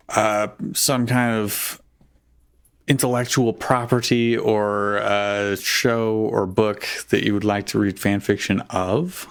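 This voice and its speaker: Slow, easygoing male co-host. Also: on the low side, smooth. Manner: relaxed, laughing, hesitant. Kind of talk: casual chat.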